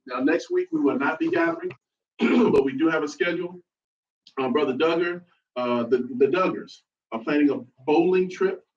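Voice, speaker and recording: A man hosting a couples workshop, affirming and encouraging the group in casual talk. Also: fairly high pitch. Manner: affirming, encouraging, quick interjections. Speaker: workshop host. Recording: distant, dull room recording.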